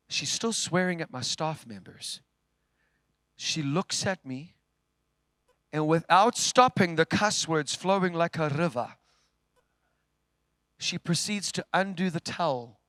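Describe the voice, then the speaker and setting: A male preacher with a high, bright voice tells a story from the pulpit. He swings between loud, forceful lines and near-whispers. The sound is close and dry. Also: animated, moderate pace, long pauses, no room sound. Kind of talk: sermon storytelling. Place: church.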